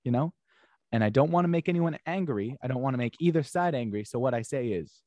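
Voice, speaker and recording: A man's voice: medium pitch, expressive, quick pace, dark tone, no room sound, dull audio. A man co-hosting a comedic podcast, talking in a mock-earnest way and steering the banter. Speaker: podcast co-host.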